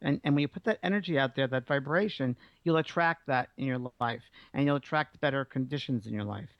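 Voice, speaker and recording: Male radio medium, gravelly and warm, coaxing a caller through a reading; dull lo-fi broadcast sound. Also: medium pitch, fairly quick, no echo. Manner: warm, reassuring, relays messages from spirits. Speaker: psychic medium radio host. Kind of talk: call-in reading.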